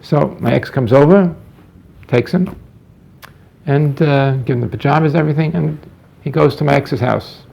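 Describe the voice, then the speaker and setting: Male therapist telling a client story, gravelly voice, acts out the lines, muffled lo-fi audio. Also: a little high, normal speed, mellow. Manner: acts out dialogue in quotes, repeats words. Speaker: psychologist. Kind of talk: anecdotal storytelling talk. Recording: dull lo-fi recording.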